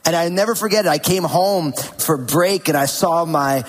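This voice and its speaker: A man's voice: a little high, normal speed. A middle-aged man from New Jersey, a pastor preaching casually and telling a personal story. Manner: casual, conversational, with self-deprecating asides. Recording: long reverb with faint music behind.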